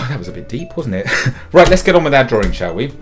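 A man's voice: mid-range voice, sing-song, a little fast, faint music behind. A middle-aged man, a children's author and illustrator, giving a friendly drawing tutorial for kids in a chatty, upbeat way, often doubling words for emphasis.

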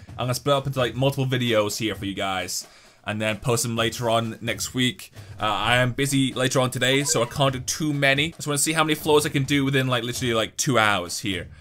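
A young man giving casual, excitable commentary over a mobile game he is playing, muttering one moment and yelling at the screen the next. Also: mid-range voice, a little hiss or hum. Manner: excitable, swings from mumbling to yelling and laughing at the game. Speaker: gaming YouTuber.

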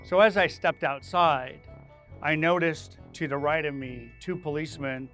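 A man hosting his own leadership channel, telling a dramatic personal story to camera in an animated way, acting out his own panicked lines. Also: fairly high pitch, unhurried, soft background music. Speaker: leadership speaker and channel host.

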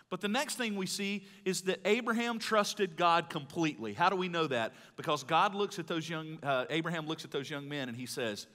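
A man preaches live to his congregation, his voice bright and fairly high. He tells folksy stories, swinging from loud bursts to hushed asides, and the hall rings with long reverb. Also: moderate pace, hardly any pauses. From Mississippi, US. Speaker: pastor. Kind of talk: sermon. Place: large church hall.

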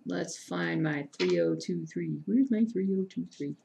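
Casual woman streamer with a slightly low, gravelly voice, chatting to viewers and muttering to herself. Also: a little slow, warm tone, a little hiss or hum. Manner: chatty, self-deprecating, talks to chat, mutters to herself. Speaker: cross-stitch streamer. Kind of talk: casual live-stream chat while stitching.

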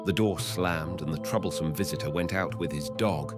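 A man reading a classic short story aloud with expressive storytelling. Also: low-pitched, moderate pace, hardly any pauses, over loud music. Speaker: narrator.

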